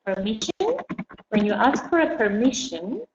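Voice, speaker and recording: A woman teaching a class online, explaining slowly and patiently and putting questions to her students. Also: medium pitch, lively intonation. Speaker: English teacher. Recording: dull echoey room with faint hum.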